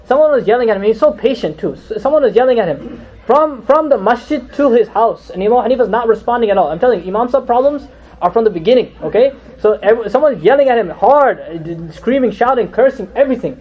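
Fast, high-voiced man telling sermon stories. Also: slightly rough. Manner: animated, acts out quotes, frequent "you know" and "right?". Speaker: religious lecturer. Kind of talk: storytelling sermon. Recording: dull lo-fi recording.

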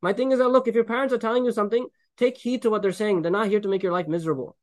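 A man preaching a sermon, explaining Quran verses with Arabic recitation, animated and joking as he acts out the people in the story. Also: high-pitched, racing. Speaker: Islamic preacher.

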